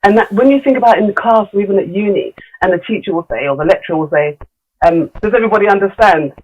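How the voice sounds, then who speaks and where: A woman's voice: medium pitch, fast talker, lo-fi sound. A middle-aged woman, a guest in a casual podcast conversation, talking candidly with many fillers and restarts. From London. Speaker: guest, leadership coach.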